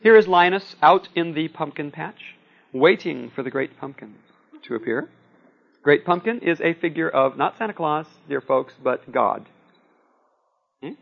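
A man's voice: fairly high pitch, gravelly, muffled recording. A man giving a classroom lecture in a conversational way, often checking in with "okay?" and "see?".

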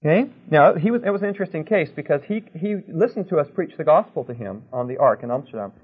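A man's voice: fairly high pitch, lively intonation, fast talker, slightly rough. A male Christian preacher giving a teaching talk, telling anecdotes and checking in with his listeners with "okay?". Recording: narrow, tinny phone-like sound.

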